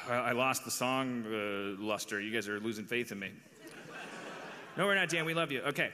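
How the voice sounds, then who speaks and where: A man's voice: medium pitch, measured pace, pauses often, pushed and bright. A man from Milwaukee hosting a live comedy podcast on a theater stage, rambling and mocking himself as he tells stories. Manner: rambling, self-mocking storytelling. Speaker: podcast host. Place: large theater stage before an audience. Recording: live theater with hall reverb.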